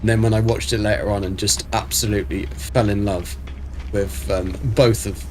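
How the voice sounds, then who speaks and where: A man's voice: fairly low pitch, little pitch movement, normal speed, a little mellow, slight background noise. A man chatting casually on a game live stream, rambling with many ums while reading chat aloud.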